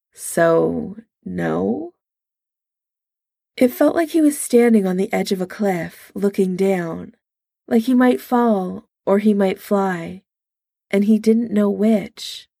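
A woman reading a story aloud in a soft, intimate way, only lightly changing her voice for the dialogue. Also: mid-range voice, vocal fry, no room sound, studio quality. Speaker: reader. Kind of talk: audiobook-style story reading.

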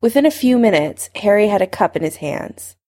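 A woman narrating a fan fiction story aloud in an expressive, conversational reading style. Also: mid-range voice, fairly quick.

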